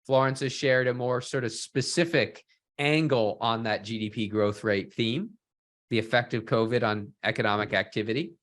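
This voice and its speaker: A man's voice: medium pitch, steady tone, normal speed, a bit bright. A man teaching an online workshop, asking questions of his audience and often tagging sentences with "right?". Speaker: workshop instructor.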